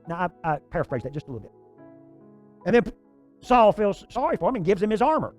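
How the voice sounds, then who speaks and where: A man preaching a sermon as pastor, telling a story in an animated way and often repeating words. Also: high voice, quick pace, soft background music.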